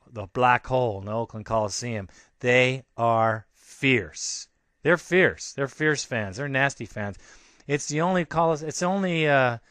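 Guy ranting on his football podcast, pissed off and repeating himself, mid pitch, dead dry room. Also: fairly bright tone, dry recording. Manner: angry, repetitive, emphatic. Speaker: podcast host. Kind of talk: fired-up sports podcast rant.

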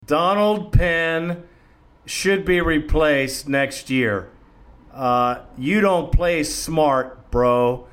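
A man's voice: on the high side, extremely slow. A man hosting a call-in fan show, chatting casually and chummily with callers. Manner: relaxed, chummy, laughs with callers. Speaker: host.

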